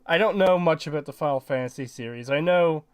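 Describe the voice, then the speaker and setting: A man's voice: on the high side, a little fast, over a noisy crowd. A man co-hosting a podcast, chatting casually about games with wry, easygoing remarks. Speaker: podcast co-host. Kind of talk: casual gaming chat.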